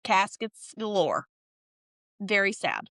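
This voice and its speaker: A woman's voice: mid-range voice, big pitch swings, slow pace, a bit bright, no room sound. A woman co-hosting a podcast, recapping a TV show in casual chat, laughing often and acting out characters' lines. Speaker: podcast co-host.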